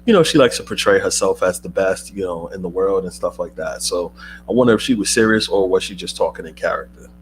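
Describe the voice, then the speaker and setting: A man's voice: deep voice, fast, slight background noise, poor audio. A man co-hosting a casual wrestling talk show, laid-back and colloquial, chiming in with reactions and opinions. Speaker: co-host.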